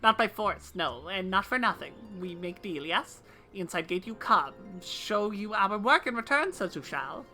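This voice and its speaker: A woman voicing a gruff male bird-man crafter who speaks in inverted, broken word order, reading game dialogue aloud in character. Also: mid-range voice, expressive, normal speed, bright, forceful tone, faint music behind. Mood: solemn.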